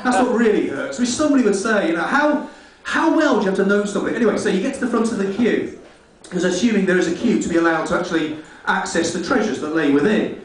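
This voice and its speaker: Comedian, high voice, echoey club. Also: male voice, lively intonation, fast talker. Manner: rambling, rude, self-mocking. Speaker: stand-up comedian. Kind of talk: stand-up comedy set. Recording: echoey club room from far off.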